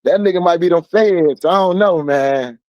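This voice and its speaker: A man from the United States in casual street talk, blunt and profane, telling animated stories. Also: sits high, moderate pace, lo-fi sound.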